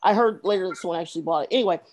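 A woman co-hosting a podcast in casual chat, sharing convention stories with quick asides. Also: fairly low pitch, darkish tone. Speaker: podcast co-host.

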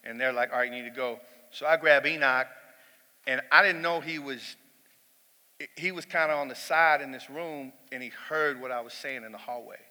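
A man's voice: mid-range voice, normal speed, bright, forceful tone, in a large hall. A middle-aged man preaching a sermon in church, telling a personal story in a conversational way and rising to emphatic peaks.

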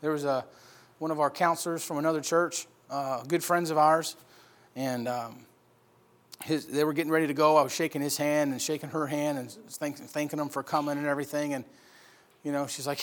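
A man preaching a sermon, swinging from loud emphatic bursts to quiet storytelling. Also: a little high, level tone, brisk. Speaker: pastor.

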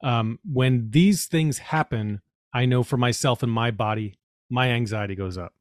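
A man's voice: medium pitch, a little slow, dry recording, studio quality. A man in his forties hosting a podcast, affirming his guest with frequent yeses and sharing stories as a parent. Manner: affirming, lots of yes and yeah. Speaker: podcast host. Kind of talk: casual interview conversation.

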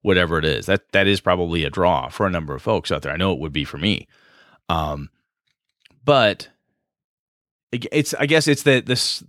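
On a podcast he co-hosts, a game master chats casually and at length about running tabletop games, rambling and poking fun at himself. His deep voice has a fairly bright tone, captured dry with clean studio sound.

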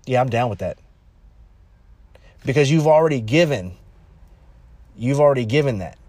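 A man talking casually and bluntly about dating, animated and repetitive, jumping higher when he quotes people. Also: normal speed, no room sound. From California, United States. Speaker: relationship advice talker. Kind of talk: casual monologue.

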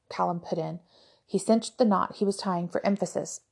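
A woman narrating a fantasy novel aloud in an even, measured storytelling voice. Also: lowish voice, vocal fry, slightly rough. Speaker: audiobook podcast narrator.

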